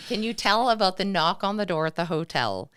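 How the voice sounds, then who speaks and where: A woman's voice: fairly low pitch, animated, fairly quick, a bit bright, clear, resonant tone. A woman co-hosting a podcast interview, enthusiastic and emphatic in her reactions. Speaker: podcast co-host. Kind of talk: casual interview chat.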